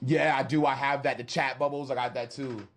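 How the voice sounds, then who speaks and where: A man's voice: mid-range voice, steady tone, a little fast. A man, talking loosely and joking with his stream chat from his studio. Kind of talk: casual livestream chat.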